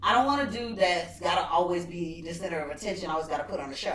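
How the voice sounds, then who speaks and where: A woman's voice: on the low side, quick pace. A woman co-hosting a podcast, chatting casually and acting out quoted remarks. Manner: animated, acts out quoted remarks. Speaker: podcast co-host. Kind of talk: casual chat. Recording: echoey room, mic at a distance, faint noise.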